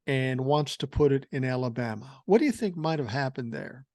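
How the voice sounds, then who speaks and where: A man's voice: mid-range voice, animated, moderate pace, few pauses, darkish tone, no echo, clean studio sound. An older man hosting a podcast, ranting through political commentary in a profane, sarcastic and mocking way. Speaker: podcast host.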